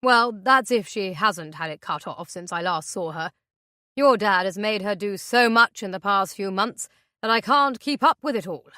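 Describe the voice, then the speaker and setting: A woman's voice: medium pitch, normal speed, no room sound, studio quality, close to an everyday voice. A woman reading an audiobook, voicing a menacing middle-aged man who mocks and threatens his captives. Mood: mocking. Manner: sinister, mocking, shouting.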